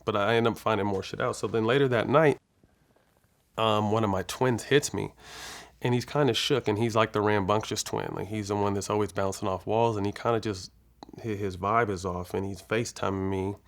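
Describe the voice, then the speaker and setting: A man's voice: fairly low pitch, fairly even intonation, brisk. A man being interviewed, telling a personal story in a casual, profane, laid-back way with lots of fillers. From California. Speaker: interview guest, former basketball player.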